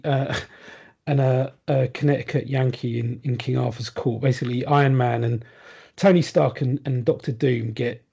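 A man's voice: mid-range voice, vocal fry, warm tone, breathy edge, highs cut off. A man chatting casually on a podcast, rambling with lots of ums and restarts. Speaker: podcast guest. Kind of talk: casual chat.

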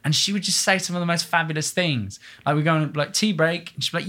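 A man's voice: a little high, quick pace, hardly any pauses. A man, a stage performer, chatting animatedly as a guest with many fillers. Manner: chatty and animated, full of fillers and quoted voices. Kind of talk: casual interview chat.

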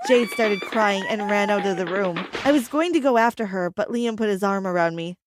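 A woman narrating a dramatic first-person story in an animated storytelling manner. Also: medium pitch, moderate pace, hardly any pauses, a little hiss or hum.

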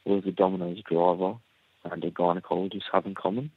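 Husky deep man on a tinny phone line. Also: level tone, fast talker. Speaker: caller leaving a voice message. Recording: tinny phone voice message from off mic.

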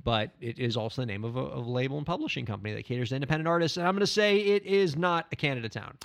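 A man co-hosting a comedic podcast, playing a quiz game in casual, joking, excitable chat. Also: medium pitch, rapid-fire, vocal fry. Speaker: podcast co-host, quiz player.

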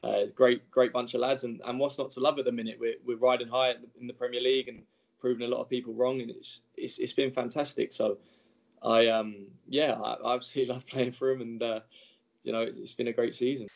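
A footballer giving interview answers in a halting way, with many restarts. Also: male voice, mid-range voice, flat delivery, gravelly.

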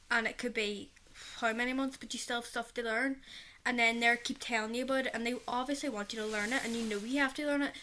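A woman's voice: on the high side, fairly even intonation, fast, pushed and bright. A thirteen-year-old girl, co-hosting a youth podcast and explaining things earnestly in long run-on sentences. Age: 13, teenager. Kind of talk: casual chat.

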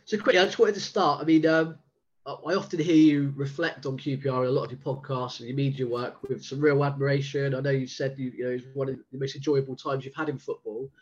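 A man's voice: mid-range voice, steady tone, fast. A male podcast interviewer sets up his question with hesitant fillers and small restarts. He has a mid-range voice. The sound is dull and lo-fi.

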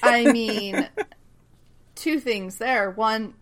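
A woman's voice: fairly high pitch, drawn-out words, crowd noise. Chatty, laughing woman recapping a show. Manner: laughs often, animated, swears casually. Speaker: podcast co-host. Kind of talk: casual recap chat.

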